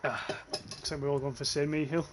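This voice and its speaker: Playing a game live, this young northeast English streamer, accented from near North Yorkshire, gives loose, chatty commentary, swearing freely and stumbling over restarts. His voice is a little high for a man, fairly bright and flat, and brisk. A faint hum sits behind him.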